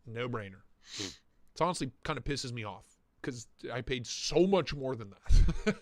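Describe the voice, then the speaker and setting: A man with a high-ish, fairly bright voice hosts a casual live stream reviewing knife listings, riffing and joking with mock indignation. His nose sounds stuffy and blocked, and the recording is dry with clean studio sound.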